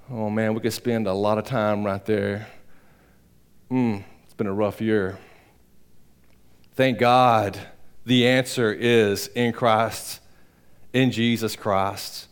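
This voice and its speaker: A male pastor preaching a sermon in church, swinging between loud emphatic peaks and low quiet asides, with a rambling, folksy delivery. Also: steady tone, takes it slowly, long pauses, clear, resonant tone. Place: church sanctuary.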